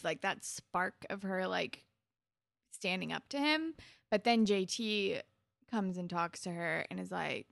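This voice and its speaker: Woman with a gravelly fry, chatty recap, dry close mic, lots of likes. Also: medium pitch, fairly bright tone, no room sound. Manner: rambling retelling, full of "like". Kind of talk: casual TV recap chat.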